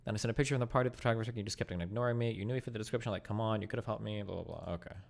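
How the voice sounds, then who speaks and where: Fast-talking man reading texts aloud. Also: on the low side, gravelly. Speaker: streamer reading text messages aloud. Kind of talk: casual reading and reacting.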